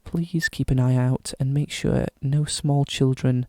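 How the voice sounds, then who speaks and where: A man putting on a slow, pompous posh announcer voice for comic readings. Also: medium pitch, monotone, no echo, natural voice. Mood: mock-posh. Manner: slow, measured, overly formal.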